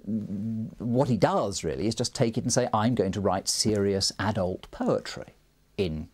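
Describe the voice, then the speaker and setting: A man in an interview explaining verse rhythm in an animated lecturing way. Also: lowish voice, measured pace, husky. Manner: animated lecturing, reciting rhymes as examples. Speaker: literary scholar.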